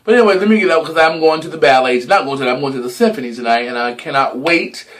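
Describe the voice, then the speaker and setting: A man's voice: fairly high pitch, fast, a bit bright. A young man in a casual gossip vlog, sassy and dramatic, swearing freely and stretching words for emphasis. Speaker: vlogger.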